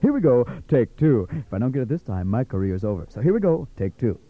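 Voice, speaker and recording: A man improvising a joking mock radio ad as a playful announcer. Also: sing-song. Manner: playful, joking, goes fast and high as a fast-talk pitchman. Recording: tinny phone-like lo-fi tape.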